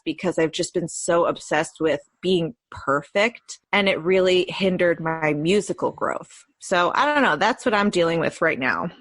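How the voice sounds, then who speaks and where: A woman co-hosts a podcast in relaxed, candid chat. Her voice sits a little low, and the recording is dry and close with no room sound. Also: no echo. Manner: candid, chatty, laughs easily. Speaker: podcast co-host. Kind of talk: casual chat.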